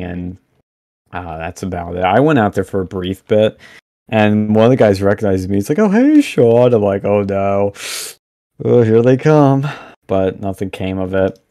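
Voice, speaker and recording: Young man, low voice, dry sound, animated, blunt, filler-heavy podcast guest. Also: no echo. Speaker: podcast guest, campus event organizer. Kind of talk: casual podcast interview.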